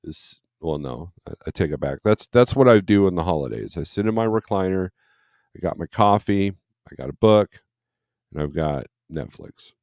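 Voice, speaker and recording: Male trucker host, low-pitched, rambling livestream chatter, dry voice. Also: animated, moderate pace, darkish tone, dry recording. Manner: rambling and conversational, with frequent fillers and restarts; blunt and opinionated when griping. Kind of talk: casual morning livestream, reading viewer comments aloud.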